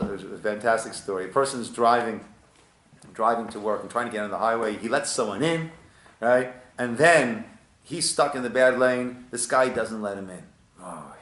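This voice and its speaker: Animated storytelling rabbi in an echoey room. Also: male voice, mid-range voice. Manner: conversational, animated storytelling, frequent "right?". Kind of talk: casual Torah class with congregants. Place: synagogue room.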